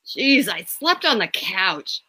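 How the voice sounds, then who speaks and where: Drowsy, grumbling young man, slow and put-upon, voiced by a female reader. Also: medium pitch, sing-song, bright, forceful tone, husky, heavily acted. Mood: grumpy.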